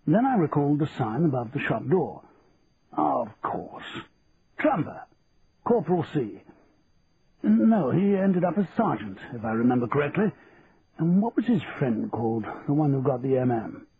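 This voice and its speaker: A man narrating in first person as a reflective, measured retired army colonel, over a tinny line with faint hiss. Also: fairly high pitch, very animated, husky, heavily acted. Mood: musing.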